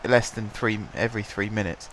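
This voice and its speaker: A man casually commentating his own football management game, his voice stuffy and blocked up, chatty and self-mocking, clearing his throat now and then. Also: fairly low pitch, steady tone, normal speed, fairly bright tone, a little hiss or hum. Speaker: gaming commentator. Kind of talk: casual let's-play commentary.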